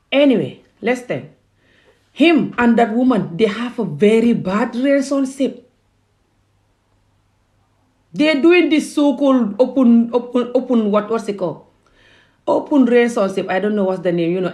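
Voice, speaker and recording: A woman's voice: on the high side, a little mellow. A woman from Gambia ranting heatedly and emphatically in a self-filmed commentary video. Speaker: vlogger.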